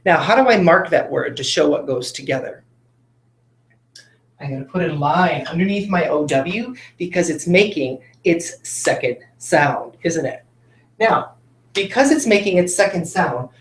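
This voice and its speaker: A man's voice: a little high, animated, moderate pace, roomy sound. A male teacher giving a patient phonics lesson to children, coaxing them along with tag questions.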